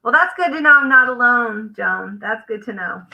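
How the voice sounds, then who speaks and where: A woman's voice: on the high side, expressive, moderate pace, creaky, pushed and bright, dull audio. A woman hosting a live crafting stream, chatting casually and thinking aloud as she works. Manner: chatty, thinks aloud while working, trails off. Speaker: craft livestream host.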